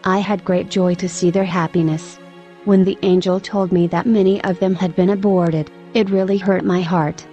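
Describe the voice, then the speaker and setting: A woman's voice: fairly low pitch, little pitch movement, moderate pace, warm tone, muffled recording, faint music behind. A woman narrating a personal religious testimony in an earnest, emotional, scripted way.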